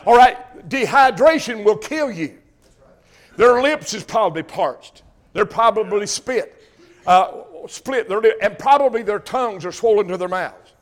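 A man's voice: high-pitched, lively intonation, unhurried. An older man preaching a folksy sermon, calling questions out to his congregation.

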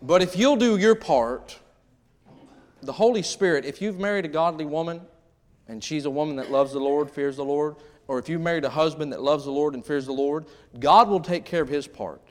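A middle-aged man delivers a sermon in a relaxed, joking, conversational manner. His voice sits a little higher than most men's, and he talks straight to his listeners as he acts out small scenes from married life. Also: moderate pace. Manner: humorous, conversational preaching with acted-out quotes. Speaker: pastor.

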